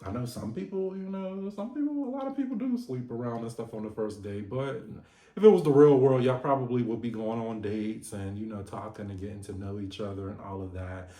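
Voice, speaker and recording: A man hosting a casual reality TV recap vlog, animated and sassy, laughing and swearing often. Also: medium pitch, fairly quick. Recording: echoey room.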